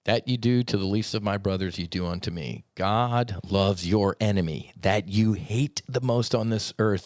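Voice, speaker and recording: A man's voice: on the low side, no room sound, studio quality. A man hosting a podcast, talking earnestly in a reflective monologue and often saying "man.". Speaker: podcast host.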